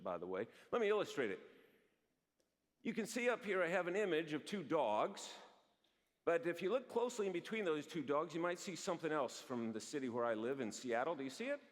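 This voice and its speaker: A man, a psychologist, giving a storytelling conference talk in a large hall and acting out the lines he quotes. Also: on the high side. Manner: animated, acts out quoted lines. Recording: long hall reverb from a big venue.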